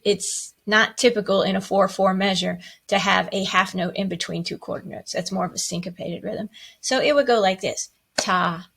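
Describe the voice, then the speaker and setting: A woman's voice: medium pitch, a bit bright. A woman teaching a music lesson, patiently explaining rhythms and chanting the counting syllables with playful asides.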